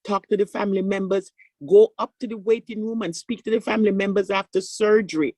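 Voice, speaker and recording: An older woman, a surgeon, speaking on a conference panel and telling stories with animated voices for the people in them. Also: medium pitch, fairly quick, no echo, low-quality recording. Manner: animated storytelling, acting out voices in quotes.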